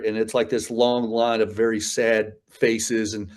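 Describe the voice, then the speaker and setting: A man in his fifties speaks as an interview guest, his voice sitting a little low. He tells stories loosely, restarting sentences and sprinkling in "man" and "you know.". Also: little pitch movement, unhurried. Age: 50s. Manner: rambling, frequent fillers and restarts, says "man" often. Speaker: interview guest, combat veteran. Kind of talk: casual storytelling interview.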